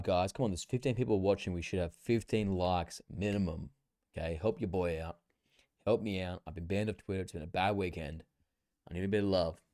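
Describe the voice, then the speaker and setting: A young man chatting casually on a live stream, slangy and profane, with sudden excited bursts. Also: low-pitched, dry recording, studio quality. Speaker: livestreamer.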